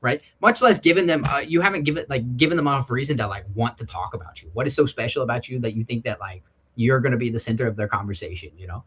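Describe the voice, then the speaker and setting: A man's voice: medium pitch, fast talker, a bit bright, breathy edge. A man from the United States, a Spanish coach in a casual conversation, hedging his sentences with lots of "like" and "kinda".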